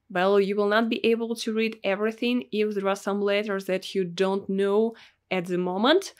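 Slow, patient Russian-accented woman teacher. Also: medium pitch. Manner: patient, repeats each word slowly. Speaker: language teacher. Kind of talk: slow, clear language lesson.

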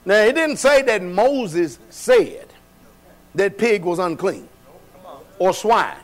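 A man with a high-pitched voice preaches a sermon in a church. He talks in a folksy, everyday way and keeps asking the congregation questions. His delivery is call-and-response. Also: big pitch swings, slow. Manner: folksy, colloquial. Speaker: pastor. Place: church sanctuary.

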